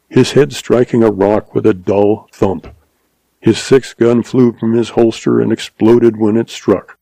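A man reads a western novel aloud in a steady, dramatic way. His voice is gravelly and husky with a dark, mellow tone. The recording is dry and close. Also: fairly low pitch, no room sound, rough recording. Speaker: narrator. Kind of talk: audiobook narration of a western.

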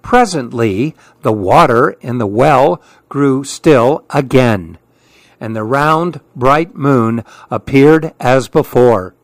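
A man reading children's stories aloud in a slow, gentle, expressive way. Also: medium pitch, dry recording. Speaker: storyteller. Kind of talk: children's story read-aloud.

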